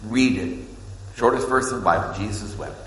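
Preacher with dramatic swings in a reverberant hall. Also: male voice, normal speed, a little hiss or hum. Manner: dramatic swings between loud emphasis and hushed low lines. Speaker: pastor. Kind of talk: sermon. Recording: echoey hall with long reverb.

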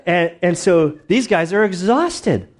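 A male pastor delivers a sermon in a relaxed, conversational manner. He strings his stories together with frequent fillers and restarts, sounding like he is talking with friends rather than reading from notes. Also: sits high, takes it slowly. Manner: conversational storytelling with many fillers.

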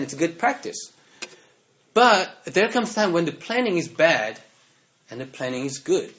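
Guy pastor preaching casual, keeps saying right?, kinda high voice, dull lo-fi audio. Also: very animated, a little slow, fairly bright tone, a little hiss or hum. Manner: conversational, keeps asking "right?". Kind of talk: sermon. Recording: dull lo-fi sound.

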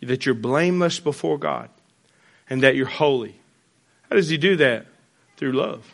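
A pastor preaching a sermon in church, blunt and folksy with joking asides. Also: male voice, medium pitch, normal speed, vocal fry.

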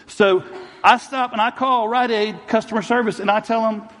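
A male pastor preaching a sermon in a church hall with a long reverb trailing after his words. His voice sits a little high for a man. He tells stories by acting out every side of the exchange. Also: steady tone, moderate pace, a bit bright. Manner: storytelling, acting out both sides of arguments.

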